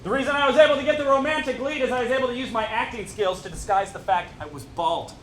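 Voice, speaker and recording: Middle-aged guy doing stand-up, high voice, lively, echoey room, audience noise behind. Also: quick pace. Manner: animated, self-mocking, teasing the audience. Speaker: stand-up comedian. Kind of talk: live stand-up set. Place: stage at a fundraiser event. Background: audience laughter.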